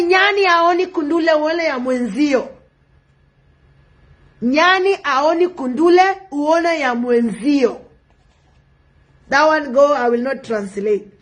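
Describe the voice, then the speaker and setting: A South Sudanese woman with a South Sudanese accent giving impassioned political commentary, repeating phrases for emphasis. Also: high voice. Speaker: online commentator.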